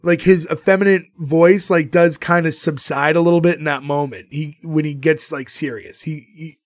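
Higher-voiced man from Boston, dry sound. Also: steady tone, moderate pace, no room sound. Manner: rambling, lots of fillers. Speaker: podcast co-host. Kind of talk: casual podcast chat.

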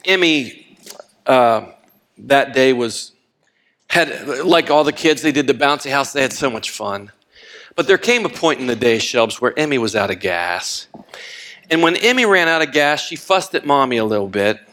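Delivering a sermon at a moderate pace, this older pastor is expressive, shifting from loud and fervent to quiet and hushed. Folksy asides and bursts of laughter punctuate his preaching.

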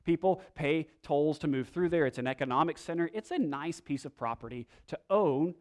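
A man's voice: fairly high pitch, animated, moderate pace. A male pastor preaching a sermon, praying and reading scripture, with a conversational manner, asides and rhetorical questions.

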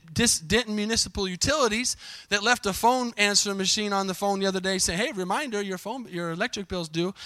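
Male pastor, high and bright, dry close mic, lively call-and-response sermon. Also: dry recording. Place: church sanctuary.

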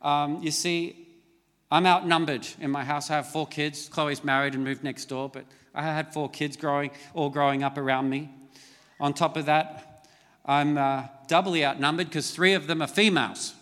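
Middle-aged man, pastor, chatty storytelling sermon, slightly high voice, long echoing hall. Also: steady tone, moderate pace, a bit bright. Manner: conversational, storytelling with self-mocking asides. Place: large church hall.

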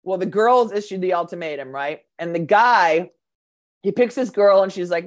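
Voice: mid-range voice, fairly quick. A co-host of a podcast in casual chat, telling rambling stories full of restarts and profane asides. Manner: rambling storytelling with restarts and acted quotes.

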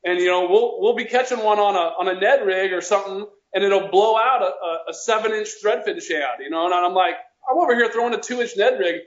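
A man's voice: sits high, a little fast, few pauses. A man guest-talking as an angler, telling stories in a rambling, casual way with many restarts. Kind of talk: casual storytelling. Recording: roomy, dull sound.

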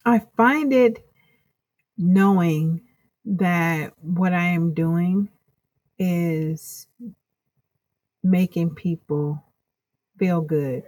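A woman's voice: lowish voice, drawn-out words, pauses often, a little mellow, no echo. A woman guest in an interview, speaking earnestly and reflectively, rambling through her thoughts. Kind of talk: casual interview chat.

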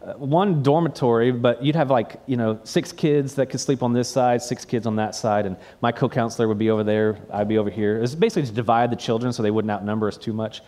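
A pastor gives a sermon retelling a personal story conversationally, frequently repeating the first word of a phrase. His mid-range, mellow voice moves fast with hardly any pauses.

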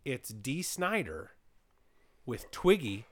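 A man's voice: medium pitch, slow pace. A man hosting a podcast in casual chat, retelling a story and quoting people with lots of "he goes". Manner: animated storyteller, retells quotes with repeated "he goes". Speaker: podcast host.

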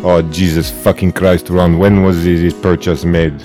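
A man's voice: low-pitched, little pitch movement, normal speed, music in the background, natural voice. A man playing an abusive call-center supervisor in a prank call, swearing freely and speaking in broken English. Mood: abusive, scornful. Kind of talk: prank call role-play.

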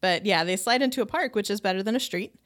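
A woman's voice: medium pitch, fast talker. Chatty woman casually recapping a show. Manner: relaxed, chatty, swears casually, laughs often. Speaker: podcast co-host. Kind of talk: casual chat recapping a TV episode.

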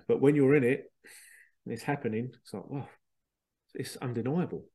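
A man, a spiritual medium, casually telling a rambling, excitable story, repeating himself and swearing now and then. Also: medium pitch, brisk, gravelly, slightly rough. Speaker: spiritual medium and podcast host.

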